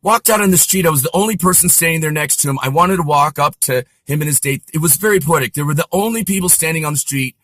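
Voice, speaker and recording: A man rambles through personal anecdotes in a loose, animated monologue, tossing in asides as he goes. His voice sits a bit high and rings bright, recorded close and dry. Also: quick pace, few pauses, no room sound. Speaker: vlogger. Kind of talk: casual storytelling monologue.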